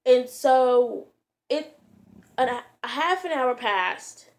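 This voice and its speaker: Woman vlogger, slightly high pitch, casual rambling storyteller, slangy and filler-heavy. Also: lively intonation, drawn-out words. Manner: rambling, full of "like" and "you know", slangy.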